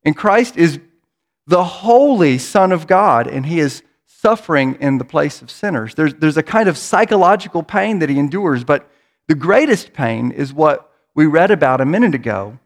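A man's voice: fairly high pitch, lively intonation, normal speed. A man preaching a sermon in a church, in an earnest manner, often repeating words as he builds toward a point. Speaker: pastor.

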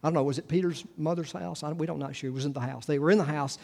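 A man's voice: on the high side, fairly even intonation, very fast, gravelly, darkish tone. Man preaching a rambling, conversational sermon. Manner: conversational, full of restarts and asides. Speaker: pastor.

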